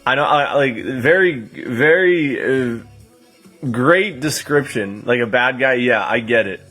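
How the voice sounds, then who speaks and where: A man's voice: mid-range voice, unhurried, bright, forceful tone, faint music behind. A man in his late twenties chatting casually on a live stream, thanking viewers by name as he goes. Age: 20s.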